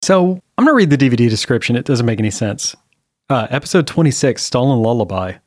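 A man co-hosting a podcast, relaxed and steering the talk along in casual chat. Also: mid-range voice, fast talker, no room sound, clean studio sound. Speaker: podcast co-host.

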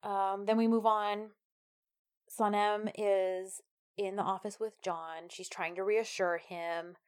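Animated woman recapping a TV episode. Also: medium pitch, slow, clean tone. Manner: animated, exasperated, quotes characters. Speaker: podcast co-host recapping a TV series. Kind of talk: casual chat.

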